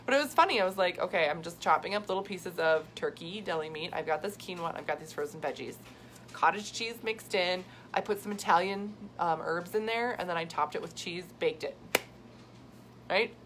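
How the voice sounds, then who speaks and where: A woman's voice: fairly low pitch, animated, brisk, music in the background. A middle-aged woman chatting casually and upbeat with viewers on a live video, laughing often as a health coach. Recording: faint background noise.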